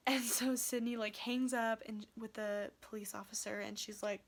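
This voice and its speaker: A young woman tells a story straight to her viewers in a loose, rambling way, with plenty of "like" and "um". She sounds tired at the end of a long day. Her pitch sits in an ordinary middle range. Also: little pitch movement, moderate pace, few pauses. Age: young adult. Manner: rambling, heavy use of "like" and "um". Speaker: vlogger. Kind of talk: casual storytelling vlog.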